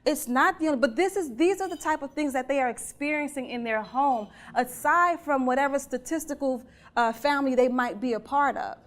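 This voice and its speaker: A woman giving a conversational keynote talk, earnest and animated, putting questions to her audience. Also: sits high, normal speed. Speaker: keynote speaker.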